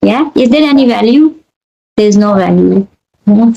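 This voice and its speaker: A woman's voice: medium pitch, animated, normal speed, vocal fry, dark tone, dull audio. A woman with an Indian accent, an English teacher, talking earnestly in a casual conversation and explaining with repeated examples.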